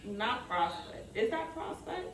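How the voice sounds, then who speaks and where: A woman's voice: fairly high pitch, sing-song, slow pace, crowd noise. A woman, co-hosting a podcast and telling blunt, profane stories with lots of laughter. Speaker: podcast co-host. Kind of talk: casual chat. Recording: echoey room, mic at a distance.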